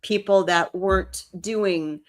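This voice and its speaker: A woman's voice: medium pitch, slow pace. A woman co-hosting a paranormal talk show, chatting casually and telling stories with emotion and frequent restarts. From New Orleans. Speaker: co-host. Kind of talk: casual chat.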